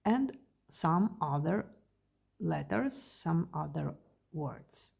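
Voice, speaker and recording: A woman with a Russian accent teaching a beginner language lesson, repeating each word slowly and carefully. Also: sits low, lively intonation, gravelly, a little mellow, husky.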